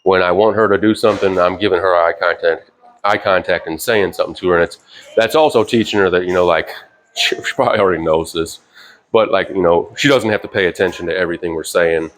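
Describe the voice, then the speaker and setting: Man, very deep voice, dog trainer, relaxed and rambling, casual how-to talk. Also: quick pace. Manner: relaxed, rambling with fillers, sharp higher commands to the dog. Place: indoors with a dog.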